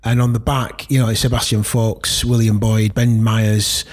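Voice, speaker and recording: Husky, enthusiastic man. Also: fairly low pitch, flat delivery, moderate pace, darkish tone. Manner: enthusiastic, rambling, many fillers. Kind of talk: casual chat.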